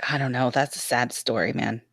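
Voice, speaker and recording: A woman hosting a casual panel chat over a video call, enthusiastic and quick to agree. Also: very deep voice, fairly even intonation, fairly bright tone, no echo. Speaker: panel host.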